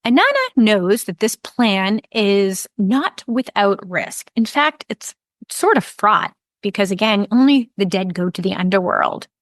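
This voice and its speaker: Calm lady podcaster telling a myth slowly, middle voice, super dry sound. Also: mid-range voice, dry recording. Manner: calm, measured retelling of myth. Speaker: podcast host. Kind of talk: reflective podcast storytelling.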